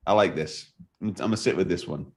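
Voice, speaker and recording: A man co-hosting a podcast, enthusiastic and quick to laugh. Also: low voice, a little mellow. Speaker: podcast co-host. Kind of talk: casual podcast chat.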